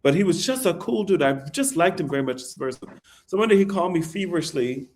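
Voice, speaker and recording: A man, a songwriter, telling a story in an interview with animated delivery. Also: high-pitched, fast. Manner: animated, recites lyrics softly. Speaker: songwriter guest.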